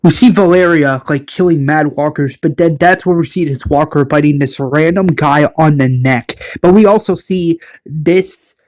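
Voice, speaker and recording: A man's voice: a little high, moderate pace, darkish tone, lo-fi sound. A man casually narrating a recap of his own fan-made series. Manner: casual, loose, filler-heavy.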